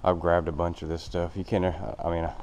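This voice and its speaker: A man's voice: deep voice, little pitch movement, a little fast, darkish tone. A man giving a casual, rambling walkthrough of a large empty old factory, recorded on a handheld camera. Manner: rambling, plainspoken, with fillers. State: out of breath. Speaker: vlogger touring a building.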